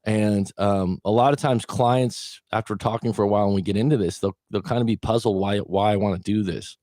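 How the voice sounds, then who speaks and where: Male relationship coach, middle-aged, low mellow voice, dry close sound, casual plainspoken delivery. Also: steady tone, fairly quick, no room sound. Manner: plainspoken, acts out quoted thoughts, occasional swearing. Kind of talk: casual advice talk.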